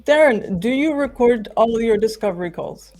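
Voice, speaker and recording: A woman's voice: on the high side, lively intonation, normal speed, darkish tone, faint music behind. A woman talking as a guest on a video call, hesitant and thinking aloud as she answers. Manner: hesitant, many fillers and restarts, thinking aloud. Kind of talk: casual conversation.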